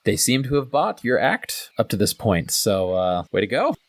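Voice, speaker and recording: A man narrating a tabletop game as game master in a relaxed, descriptive way. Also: fairly low pitch, moderate pace, no echo.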